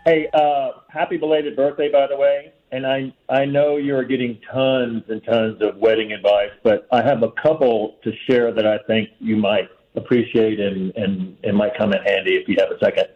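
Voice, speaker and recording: A man's voice: mid-range voice, steady tone, moderate pace, few pauses. A man calling into a radio show to give earnest advice. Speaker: caller. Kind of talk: phone-in call. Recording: phone line.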